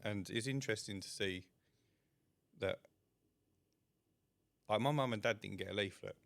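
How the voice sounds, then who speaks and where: Deep gravelly man, blunt. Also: normal speed. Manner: blunt, swears casually. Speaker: podcast co-host, window cleaner. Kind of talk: casual chat.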